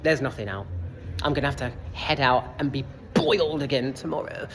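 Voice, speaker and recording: Filmed in an echoey cinema foyer with faint noise behind him, a young man who reviews films vents about a movie and the heat in a casual vlog. He talks a little fast at a medium pitch, a bit bright, swearing, exasperated and rambling.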